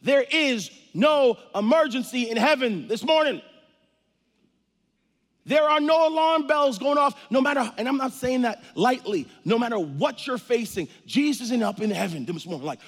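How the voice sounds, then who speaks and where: A man preaching a sermon as pastor, moving between loud, urgent passages and quiet, intense ones. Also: extremely high pitch, lively intonation, moderate pace. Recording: long hall reverb.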